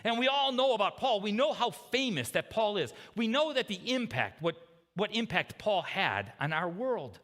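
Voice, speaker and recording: A man delivers a sermon with a high voice that swings widely in pitch. He talks to the congregation in a loose, conversational way and keeps tossing in quick checks like "okay?" and "right?". His voice carries a long, trailing church reverb. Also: very animated, a bit bright. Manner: conversational preaching with frequent "okay?" and "right?" asides. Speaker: pastor. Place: church sanctuary.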